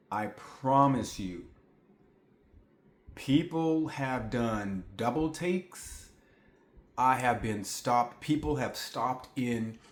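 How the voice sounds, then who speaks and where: Guy in his 40s just chatting to the camera at home, casual, rambly, room's pretty echoey. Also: mid-range voice. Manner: chatty, repeats himself, talks straight to viewers. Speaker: vlogger. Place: indoors at home. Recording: echoey room.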